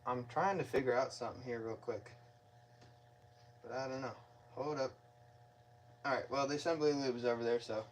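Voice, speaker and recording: Recorded on a propped-up phone in a garage, a man works on an engine and narrates each step as a casual how-to, rambling, muttering to himself, and joking at his own expense. His mid-range voice moves at normal speed with long pauses, and the audio is poor with slight background noise.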